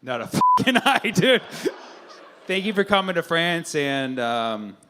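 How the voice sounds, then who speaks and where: A man doing stand-up crowd work, teasing and profane in quick banter with the audience. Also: a little high, big pitch swings, noisy background. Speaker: stand-up comedian. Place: comedy club stage.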